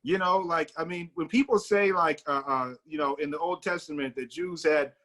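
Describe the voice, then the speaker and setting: An American man talking through his ideas in a relaxed group discussion. His voice sits a little on the high side, and he explains earnestly and at length, building his points as he goes. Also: normal speed. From United States. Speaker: discussion participant.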